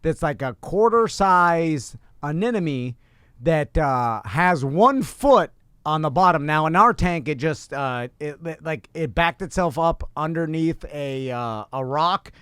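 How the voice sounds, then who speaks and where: Animated man telling a funny story. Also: fairly high pitch, measured pace, clean tone, no echo, studio quality. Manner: laughs often, animated storytelling. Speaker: podcast co-host. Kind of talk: casual comedic chat.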